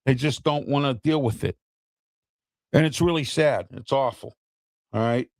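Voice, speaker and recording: A man's voice: medium pitch, moderate pace, no echo, studio quality. A middle-aged man hosting an opinion show, ranting bluntly and with exasperation straight to his viewers.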